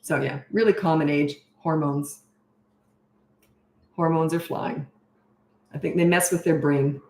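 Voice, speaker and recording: A middle-aged woman parenting coach telling a story in a casual Q&A, animated and self-mocking, acting out what people said. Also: low-pitched, measured pace, echoey room, slight background noise.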